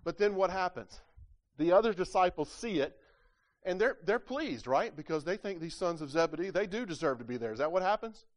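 Man preaching a sermon in church, fairly high voice, questions the crowd, acts out the scripture voices. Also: expressive, fairly quick. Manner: asks the congregation rhetorical questions; stumbles over words and repeats himself.

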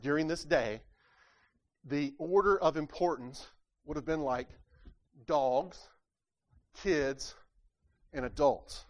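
A man preaching a sermon, asking his listeners rhetorical questions, repeating words as he goes, and acting out the voices in the scripture stories. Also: fairly high pitch. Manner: asks the congregation rhetorical questions; acts out quoted voices from scripture.

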